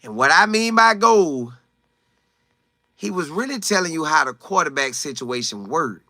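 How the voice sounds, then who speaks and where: A bright, fairly high-voiced man hosts a live sports talk stream and answers viewers' comments one by one. His pitch swings all over as he gets worked up, repeats phrases for emphasis and acts out what others said. The sound is dry and close. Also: moderate pace, dry recording. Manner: animated, excitable, reads viewer names and answers them. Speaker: sports talk show host.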